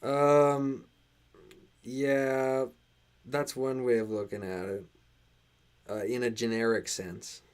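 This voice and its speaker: A man in a casual live stream, talking in a put-on transatlantic accent at a mid pitch. He reads chat and replies in loose, halting sentences full of fillers and restarts. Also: flat delivery, smooth. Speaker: channel host reading live chat.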